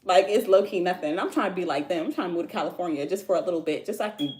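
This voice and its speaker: A woman with a lowish, darkish voice races along while hosting a laid-back tarot livestream from her home. She's American, talks to viewers in loose slang, and laughs a lot.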